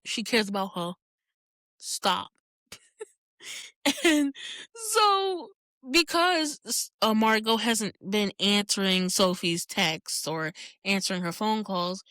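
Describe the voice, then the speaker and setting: A woman's voice: fairly high pitch, no echo, clean studio sound. Laughing, candid woman podcast host. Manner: candid and profane, frequent laughter, animated reactions. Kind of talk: casual TV episode recap.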